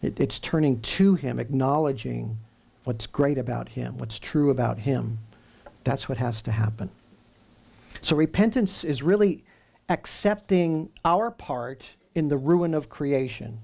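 A man preaching a sermon, emphatic, with rhetorical questions and slowly stressed lists. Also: mid-range voice, vocal fry, a little mellow.

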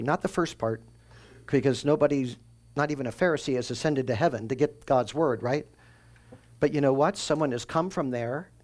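A man preaching a verse-by-verse sermon, explaining scripture in a conversational teaching tone and asking and answering his own questions. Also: fairly high pitch. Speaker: pastor. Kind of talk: expository sermon.

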